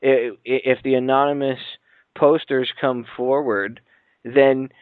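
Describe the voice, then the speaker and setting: A man hosting a podcast interview, opinionated and ranting, with halting restarts. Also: medium pitch, level tone, clean tone, no echo. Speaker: host. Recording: dry tinny phone-like line.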